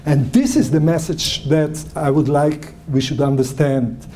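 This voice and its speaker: A man's voice: on the high side, measured pace. A man, a rabbi giving a lecture who animatedly tells stories and acts out what people said. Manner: animated storyteller acting out quoted speech. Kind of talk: lecture on marriage and emotions.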